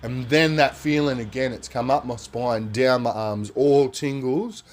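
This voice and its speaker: Telling a story on a podcast, this man keeps things casual and lively, cursing freely and tagging phrases with "man" and "right?". He talks at a measured pace with medium pitch.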